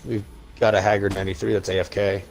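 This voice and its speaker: A young man with a low-pitched voice rants heatedly on a casual podcast. He stacks up emphatic insults while playing a video game. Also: flat delivery, fast talker, creaky. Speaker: podcast host.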